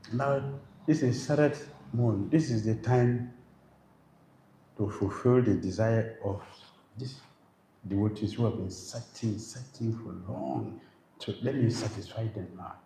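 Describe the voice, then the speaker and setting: A man's voice: lowish voice, mellow. Preaching man in a roomy hall. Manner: emphatic, repeats phrases, fires rhetorical questions. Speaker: monk preacher. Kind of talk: devotional lecture. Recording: roomy, faint background noise.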